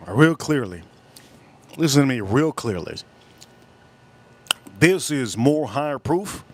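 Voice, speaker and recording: A man's voice: medium pitch, a little hiss or hum. A man with a Miami accent hosting a casual live stream, rambling and stretching his words out as he reads chat. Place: cold room at home.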